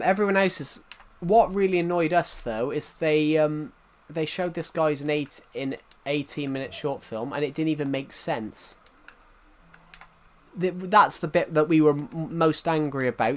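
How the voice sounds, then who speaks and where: A man's voice: a little high, a little slow. Rambling young streamer guy. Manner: rambling, many restarts and fillers, chatting to viewers. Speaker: gaming streamer. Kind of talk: casual live-stream chat.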